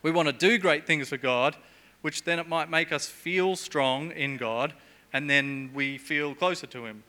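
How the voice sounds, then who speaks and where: A man's voice: on the high side, unhurried, pushed and bright. A middle-aged man preaching a sermon in a church, chatty and jokey, with humorous asides.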